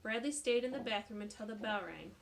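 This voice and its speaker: A woman reading a children's novel aloud with expressive voices. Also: fairly high pitch, brisk, gravelly, a little hiss or hum. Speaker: storybook reader.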